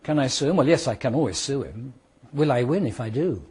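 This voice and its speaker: Husky British man giving a law lecture. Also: medium pitch, lively intonation, darkish tone. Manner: explains with worked examples, repeats points, speeds up and slows down for emphasis. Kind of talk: classroom lecture. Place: classroom with students.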